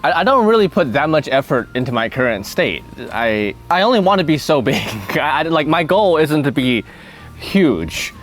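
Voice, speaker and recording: A man's voice: on the high side, very animated, normal speed, a bit bright, faint music behind. A man hosting a casual chat, thinking aloud, often laughing, with restarts as he answers questions. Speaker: channel host answering questions.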